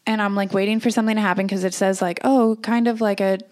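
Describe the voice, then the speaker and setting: A woman's voice: mid-range voice, fairly even intonation, quick pace, darkish tone. A woman co-hosting a casual podcast, talking bluntly and swearing freely, getting heated when she rants. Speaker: podcast co-host. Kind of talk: casual chat.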